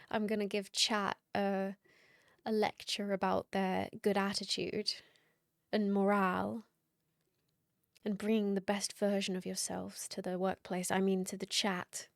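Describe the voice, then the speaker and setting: Slow, playful woman streamer. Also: mid-range voice, flat delivery, gravelly, dry recording, clean studio sound. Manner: playful and teasing, laughs often. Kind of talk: casual late-night stream chat.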